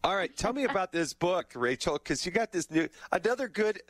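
A man's voice: sits high, very animated, brisk, a bit bright, no echo. Middle-aged male host, self-deprecating joker, dry studio sound. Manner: jokey, self-deprecating storyteller. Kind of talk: casual interview chat.

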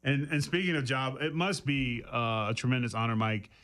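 A man's voice: medium pitch, normal speed, a bit bright. Male radio host, chatty, a bit stumbling when he asks questions. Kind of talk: radio interview.

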